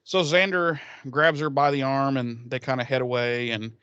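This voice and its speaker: A man's voice: mid-range voice, steady tone, moderate pace, pushed and bright, clear, resonant tone, dry recording, muffled recording. A man hosting a podcast, recapping a TV episode in a rambling, profane, casual way with laughing asides.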